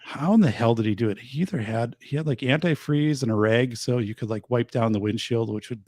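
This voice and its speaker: A man's voice: medium pitch, fairly quick, no echo. A man, hosting a show and telling rambling stories in casual chat. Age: 50s. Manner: animated rambling storyteller. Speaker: show host and teacher.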